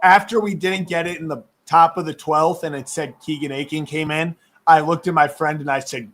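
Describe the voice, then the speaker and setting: A slightly high-voiced man hosting a live sports chat stream. He rambles and restarts, laughs often, and his voice sounds a bit worn. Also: fairly even intonation, normal speed, few pauses, fairly bright tone. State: says he is losing his voice.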